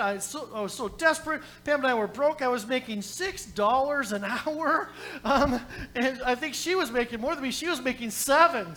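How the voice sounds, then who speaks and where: A man preaching a sermon, telling a story with jokes to the congregation, moving from loud calls to quiet scripture reading. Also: extremely high pitch. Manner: joking asides to the congregation. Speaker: pastor.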